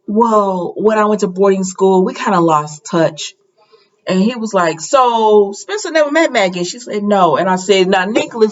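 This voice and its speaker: A woman's voice: medium pitch, normal speed, highs cut off. A woman casually recapping a soap opera episode, chatting and acting out the characters' lines in a raised voice.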